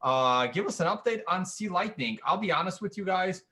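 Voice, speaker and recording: A man's voice: sits high, lively intonation, fairly quick, pushed and bright. A man hosting a podcast, chatting casually and making self-deprecating asides. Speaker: podcast host. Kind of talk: casual chat.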